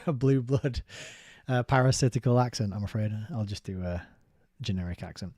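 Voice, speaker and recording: A man's voice: fairly low pitch, normal speed, no echo, clean studio sound. A man reading a book aloud and breaking off into casual, chatty commentary. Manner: steady reading broken by chatty asides with fillers and laughs. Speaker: book reviewer.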